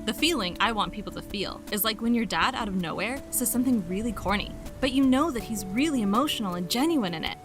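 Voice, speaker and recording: A man putting on a higher voice to read a woman artist's words in a gentle, earnest way. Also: lively intonation, fast talker, few pauses, over music.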